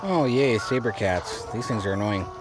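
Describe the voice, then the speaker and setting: A man's voice: on the low side, moderate pace. A man giving casual let's-play commentary over his game, rambling and often restarting his sentences. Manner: rambling, repeats and restarts himself. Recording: game music audible underneath. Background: game music.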